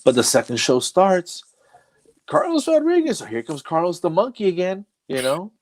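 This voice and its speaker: A man's voice: a little high, animated, moderate pace. A middle-aged man, a comedian, telling a long story in casual chat, mocking himself and laughing as he goes. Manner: self-deprecating, laughs through his stories. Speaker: comedian guest.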